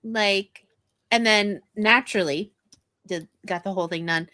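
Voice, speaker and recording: A woman co-hosting a casual chat, telling stories in a lively way. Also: mid-range voice, unhurried, dry recording. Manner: lively, animated storyteller. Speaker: co-host.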